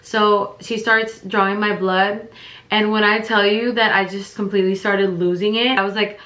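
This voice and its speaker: A woman chats through a casual storytime vlog. Her voice is bright and forward, and she rambles with plenty of fillers and restarts. The room around her adds a noticeable echo. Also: medium pitch, fairly even intonation, normal speed. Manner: rambling, filler-heavy retelling. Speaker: vlogger. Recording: roomy echo.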